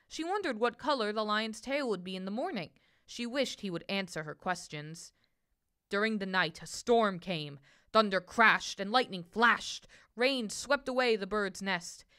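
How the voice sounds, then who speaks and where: A woman reads a children's picture book aloud in a bright, clear voice. Her storytelling is gentle and expressive, and her pitch moves up and down a lot. She gives each line its own colour.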